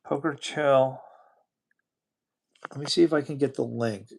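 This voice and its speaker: Man with a gravelly voice chatting on a livestream. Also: medium pitch, a little slow, darkish tone. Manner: rambling, repeats words, exclaims in disbelief. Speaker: livestream host. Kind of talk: casual livestream chat.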